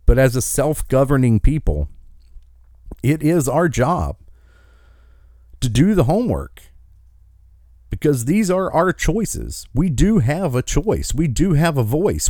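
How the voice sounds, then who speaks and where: A man's voice: mid-range voice, mellow, no echo, studio quality. A man hosting an opinion podcast, delivering an angry, emphatic rant. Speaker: commentary host.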